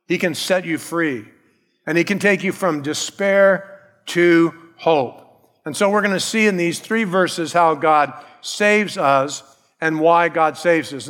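A man's voice: fairly high pitch, a bit bright, in a large hall. A man preaching a sermon to a congregation with emphatic delivery, calling out for an amen. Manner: emphatic preaching, calls out "Amen?", acts out quoted voices. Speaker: pastor.

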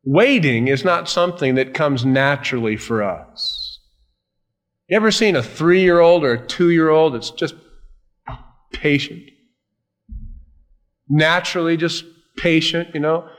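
A man preaching a sermon, emphatic and slowing down to stress key words. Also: a little high. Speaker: pastor.

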